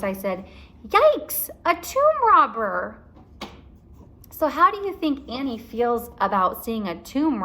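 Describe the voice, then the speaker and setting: Woman teacher reading aloud to kids, slow and expressive, explains as she goes. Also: mid-range voice.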